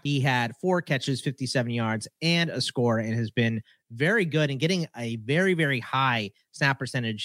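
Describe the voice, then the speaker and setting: A man's voice: mid-range voice, a bit bright, dry recording, studio quality. A man co-hosting a fantasy football podcast, teasing his partner and delivering punny headlines. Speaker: podcast co-host. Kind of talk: casual sports podcast banter.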